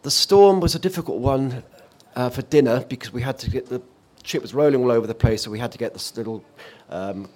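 A former offshore radio presenter reminisces in conversation, telling a vivid story full of fillers and restarts. His medium-pitched, slightly mellow voice runs a little fast with few pauses.

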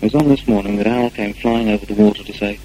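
Guy reading a kids' storybook, low mellow voice, gentle and unhurried. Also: steady tone, slight background noise, low-quality recording. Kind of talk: reading a children's storybook aloud.

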